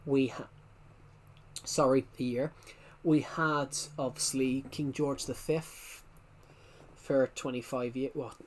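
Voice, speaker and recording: A man's voice: medium pitch, fairly even intonation, takes it slowly, slight background noise. A young man with a working-class southwest England accent, chatting casually on a live stream, rambling and repeating himself as he reads the chat aloud.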